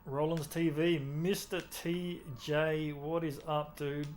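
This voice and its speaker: A young Australian man with an Australian accent plays a racing game while chatting casually with his stream chat, relaxed and talkative. His voice is fairly high and slow, with soft music in the background.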